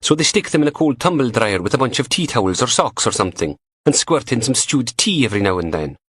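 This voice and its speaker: A male narrator voicing a punky young female forensic technician who teases in a dry, deadpan way. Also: mid-range voice, quick pace, breathy edge, pitched above the performer's own voice. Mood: teasing.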